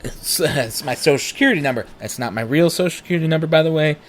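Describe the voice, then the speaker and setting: A man's voice: fairly high pitch, quick pace, a little hiss or hum. A young man telling a personal story in a candid, profane, casual way. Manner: candid, profane, animated retelling. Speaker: podcast host.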